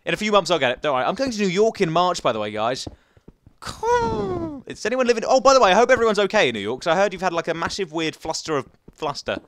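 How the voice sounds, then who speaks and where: A man's voice: a little high, a bit bright, dry recording. A young man giving chatty, rambling commentary while playing a survival game, talking to the viewers and to the animals. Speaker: gaming YouTuber.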